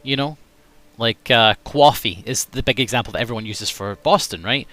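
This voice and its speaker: A man's voice: medium pitch, normal speed, bright, forceful tone. A man with an English accent chatting casually on a live game stream, self-mocking and talkative.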